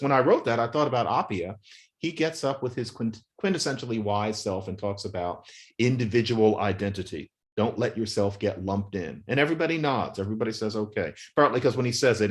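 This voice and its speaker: A man, an author being interviewed, arguing in an emphatic, wry way with long spoken sentences. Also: medium pitch. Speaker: author and guest. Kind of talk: interview, animated argument.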